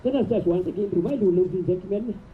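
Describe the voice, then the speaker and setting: Woman commentating over loud noise. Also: mid-range voice, racing. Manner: puts questions to co-commentator, formal sponsor reads. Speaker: race commentator. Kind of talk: live race commentary. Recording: muffled, loud background noise outdoors.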